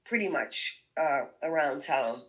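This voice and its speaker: A woman's voice: low voice, animated, unhurried, fairly bright tone, muffled recording. A woman from the Boston area with a strong Boston accent, chatting casually as an interview guest, laughing often and restarting her sentences. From Boston area, USA. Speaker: guest musician. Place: California.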